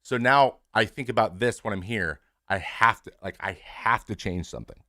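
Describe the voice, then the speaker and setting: A man in his thirties, a former pitcher hosting his show, speaking frankly and casually to his stream audience, with swearing and many restarts. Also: normal speed, sharp tone, no room sound, clean studio sound.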